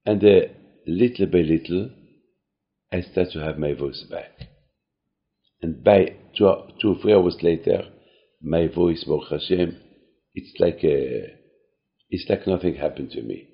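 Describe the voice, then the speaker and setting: A man giving an earnest short talk to a congregation, repeating his phrases and restarting halting sentences. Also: sits low, gravelly. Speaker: cantor and speaker. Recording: dull lo-fi recording.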